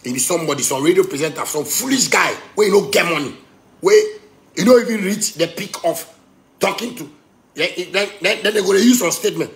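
A Ghanaian man rants in Pidgin-tinged English. His voice sits a touch high for a man and has a gravelly rasp. He swings from loud outbursts to low, heated muttering. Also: lively intonation, brisk. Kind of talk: angry rant.

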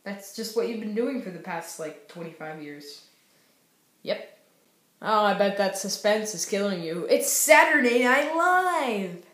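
A woman's voice: medium pitch, measured pace, roomy sound. A young woman casually reviewing TV shows in a goofy, playful way, breaking into sing-song cheers. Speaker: YouTube TV show reviewer.

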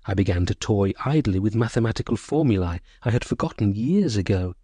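A man narrating a short story as an audiobook, in a measured, sorrowful first-person voice. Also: lowish voice, expressive, warm tone, breathy edge, dry recording.

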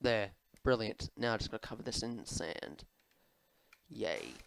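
A man's voice: fairly low pitch, sing-song, unhurried, vocal fry, a bit bright, smooth, low-quality recording. A young man rambling through viewer questions while he plays a game, full of ums, restarts and self-mocking asides, his throat a little sore. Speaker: gaming video host. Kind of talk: casual commentary while playing.

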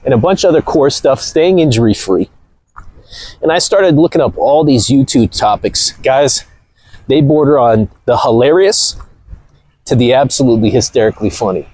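Energetic male host in his forties, husky and gravelly, animated casual rant. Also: medium pitch, normal speed, dry recording. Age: 40s. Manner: loud, energetic, laughs often. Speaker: motivational video host.

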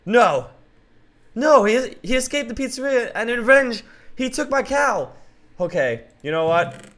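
A man hosting a game roleplay who talks excitably and keeps yelling out names and exclamations. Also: extremely high pitch, unhurried.

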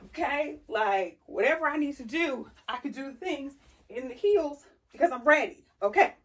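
A sassy, chatty woman talks through a casual tutorial in a fairly high voice. She sounds lively while she walks and demonstrates. She is picked up from a distance, across a carpeted room. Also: normal speed. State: slightly out of breath. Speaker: style vlogger teaching heel walking.

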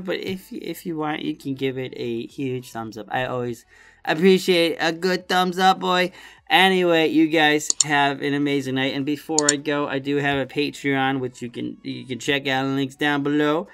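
A young man telling a story-time vlog, animated and acting out his customers with sudden shouts. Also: medium pitch, moderate pace. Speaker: vlogger.

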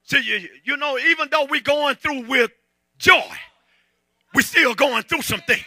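Southern pastor, very high bright gravelly voice, dry close sound, shouting sermon with call-and-response. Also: male voice, measured pace, no echo. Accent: Southern American. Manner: preaching with call-and-response, shouting and half-singing. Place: church sanctuary.

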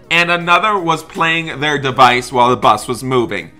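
A man's voice: mid-range voice, moderate pace, hardly any pauses, sharp tone, soft background music. A man hosting a gameplay video, role-playing a bus driver who exclaims about the breakdown and sternly scolds his passengers. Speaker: gaming channel host role-playing a school bus driver. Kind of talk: role-play gameplay commentary.

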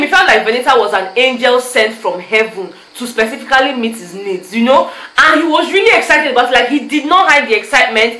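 A young Nigerian woman talks at a quick clip, her Nigerian-accented voice high and sharply bright as she gossips through a reality-show recap, dropping pidgin asides. The sound bounces around an echoey room. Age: young adult. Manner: chatty, animated storytelling with pidgin asides. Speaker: YouTuber.

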